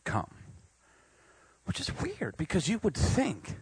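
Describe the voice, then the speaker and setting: Young male preacher, husky and high, lively and comic, loud then hushed. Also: moderate pace, no echo. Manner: animated and joking, swings between loud and quiet. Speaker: pastor speaking to university students. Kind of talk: sermon.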